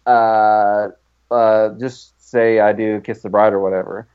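A man's voice: lowish voice, level tone, a little slow, clean tone, lo-fi sound. A man co-hosting a casual podcast chat, an eager fan who talks with many fillers. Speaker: podcast co-host.

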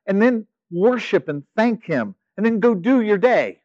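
A male pastor preaching a sermon, animated, swinging from loud stretches to hushed ones. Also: high voice, measured pace, hardly any pauses, dry recording, dull audio.

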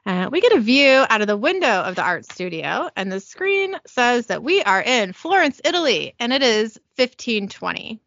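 A woman's voice: a little high, sing-song, normal speed, few pauses, fairly bright tone, no echo, muffled recording. A woman recapping an episode casually, reading out dialogue in a chatty, giggly, self-deprecating way.

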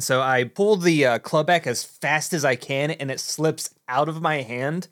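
A man's voice: a little high, measured pace, a bit bright, no room sound, studio quality. A man playing in a tabletop game, stammering and poking fun at himself. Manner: stammering, self-mocking. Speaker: player.

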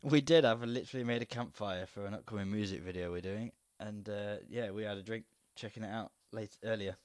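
A man's voice: on the low side, fairly quick, no room sound, studio quality. A man co-hosting a casual film chat in an easygoing, thoughtful way. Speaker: podcast co-host.

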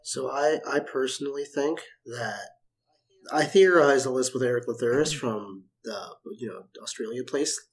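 A man's voice: mid-range voice, moderate pace. A man who teaches classes, chatting casually and emphatically on a podcast. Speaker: instructor and podcast co-host. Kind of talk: casual chat.

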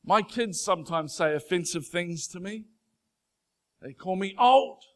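An earnest male pastor with a high voice, preaching a sermon with emphatic conviction. He reads scripture slowly and deliberately and builds into fervent declarations. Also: animated.

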